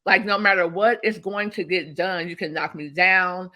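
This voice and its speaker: A woman guest, a business strategist, talking emphatically and telling animated stories in an interview. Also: on the low side, normal speed. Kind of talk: motivational interview talk.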